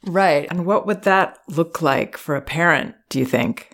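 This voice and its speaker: Woman host, extremely low voice, short affirmations, follow-up questions. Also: measured pace, fairly bright tone. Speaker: podcast host. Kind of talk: interview hosting.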